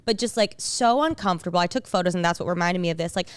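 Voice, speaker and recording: A young woman chats on her podcast in a loose, rambling way, packing her sentences with "like" and restarting them. Her voice is smooth and clear. It sits close and dry on the mic. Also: lowish voice, fast talker, no echo. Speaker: podcast co-host. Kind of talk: casual chat.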